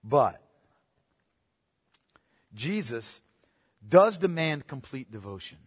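A man preaching a sermon as pastor, swinging between loud emphatic bursts and hushed asides. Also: medium pitch, very animated, takes it slowly, slightly rough, in a large hall.

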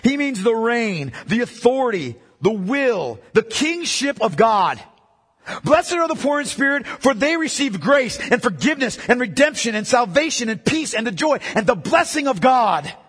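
A pastor with a high, husky, slightly bright voice preaches in a sing-song way at normal speed, driving key lines home through repetition. He pauses to question his listeners directly, and his words ring through a large hall with long, lingering reverb.

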